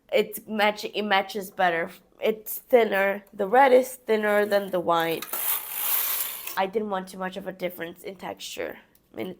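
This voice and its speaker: A woman's voice: medium pitch, gravelly, a little hiss or hum. A young woman talking casually through a knitting project step by step, chatting to herself as she works. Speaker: crafting vlogger. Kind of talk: casual how-to narration while knitting.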